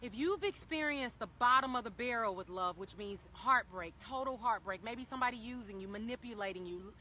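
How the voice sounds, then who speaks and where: Her voice a little high, pushed and bright, a woman talks fairly quickly on a live stream recorded with a handheld phone camera, with a bit of hiss or hum. The wellness vlogger is earnest and encouraging, repeating key phrases to drive them home.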